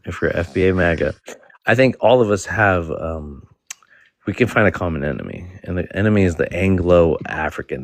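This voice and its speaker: A deep, gravelly man hosts a heated live panel and fires off rhetorical questions one after another. His voice sits very low with a lot of fry. It sounds dry and close. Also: no room sound. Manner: ranting, rapid rhetorical questions. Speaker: panel host.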